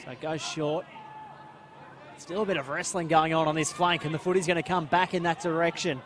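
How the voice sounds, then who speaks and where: A man with an Australian accent calling live football play-by-play, quick and rising to shouts at big plays. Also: a little high, steady tone, background noise. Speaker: play-by-play commentator. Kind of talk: live sports commentary.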